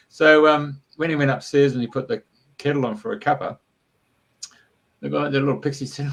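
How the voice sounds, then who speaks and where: A man's voice: a little high, fairly even intonation, moderate pace, gravelly, rough recording. A man, a guest in an interview, tells long rambling stories in a casual, chatty way, with lots of ums and uhs. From Australia. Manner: rambling and chatty, with many fillers. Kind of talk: casual storytelling.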